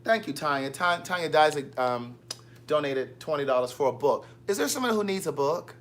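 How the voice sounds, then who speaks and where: A man's voice: on the high side, expressive, normal speed, slight background noise. A man hosting a casual livestream, chatting and teasing as he reads viewer comments. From Maryland. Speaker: livestream host. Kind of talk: casual live chat.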